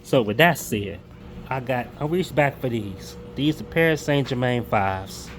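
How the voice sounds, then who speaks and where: A man talking casually in a vlog as he shows off his new sneakers, relaxed and loose, often repeating words as he goes. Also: mid-range voice, measured pace, noisy background. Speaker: sneaker collector showing his pickups.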